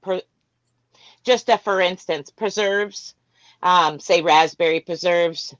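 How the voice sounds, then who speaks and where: A woman's voice: on the low side, slow, dry recording, muffled recording. A woman from Florida, hosting a casual live chat, telling stories and laughing often. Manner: chatty storyteller, laughs often.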